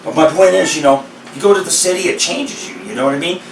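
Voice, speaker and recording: A man rambling through casual storytelling, excitable and profane. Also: fairly high pitch, quick pace, vocal fry, slight background noise. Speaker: vlogger. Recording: echoey sound from a distant mic with faint ambience.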